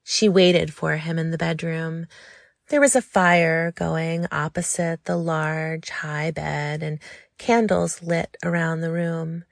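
Slow, gravelly woman narrator. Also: deep voice, fairly even intonation, dry recording, studio quality. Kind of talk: audiobook narration.

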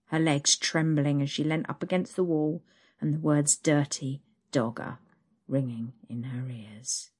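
A woman storyteller reading an adult story aloud in a slow, intimate way. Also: low voice.

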